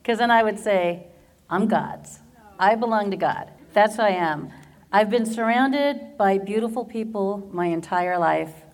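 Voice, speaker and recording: A woman's voice: mid-range voice, measured pace. A woman in her fifties from Southern California with an American accent, giving her personal faith testimony as a humorous storyteller who laughs often. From Southern California, USA. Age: 50s.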